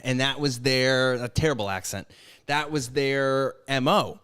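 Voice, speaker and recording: A man with a mid-pitched voice co-hosting a casual podcast. He rambles and riffs freely, swearing often. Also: a little slow, fairly bright tone, clear, resonant tone. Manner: rambling, profane, riffing. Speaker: podcast co-host. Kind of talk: casual chat.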